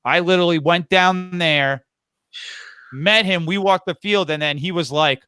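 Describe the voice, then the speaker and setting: A man's voice: high voice, moderate pace, clean tone, no room sound. A man from New York hosting a podcast, telling stories in casual chat and acting out the voices of the people in them. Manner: animated storyteller, acts out quoted dialogue. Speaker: podcast host.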